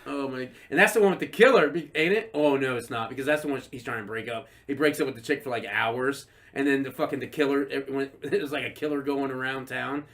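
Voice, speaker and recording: A man co-hosting a casual podcast, talking loosely with lots of swearing and acting out quotes in high voices. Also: fast talker, hardly any pauses, fairly bright tone, a little hiss or hum. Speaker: podcast co-host. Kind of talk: casual drinking-podcast chat.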